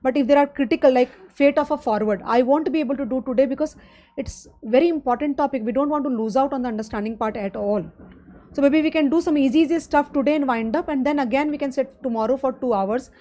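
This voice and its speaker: A woman's voice: sits high, fast. A middle-aged woman with an Indian English accent, giving a live online finance lecture and talking students through each step. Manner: explains step by step, addresses students as guys. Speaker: finance exam teacher. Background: loud drums of a street festival.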